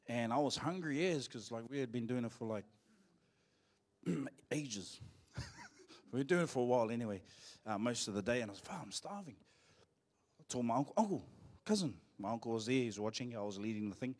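A male pastor with a New Zealand accent and a mid-range voice preaches fairly quickly in a church. His sermon is full of cheeky, joking stories, with quotes acted out in a louder voice.

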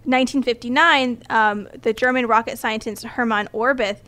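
A woman's voice: fairly high pitch, steady tone, moderate pace, sharp tone. A woman co-hosting a casual podcast, explaining a story step by step with frequent ums and restarts. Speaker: podcast co-host presenting the story. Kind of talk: casual chat.

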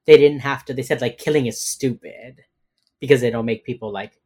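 A man's voice: medium pitch, moderate pace, darkish tone. A man co-hosting a podcast, rambling through a casual recap of a TV episode with many fillers. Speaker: podcast co-host.

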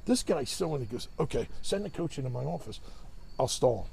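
A man's voice: medium pitch, big pitch swings, brisk, gravelly, a little mellow, husky. A man, telling a long, rambling, profane story in casual chat and acting out other people's voices.

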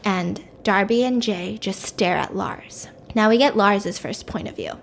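A woman's voice: mid-range voice, unhurried, gravelly, a little hiss or hum. A young woman casually retelling a fictional mystery story, chatty and acting out the characters' lines.

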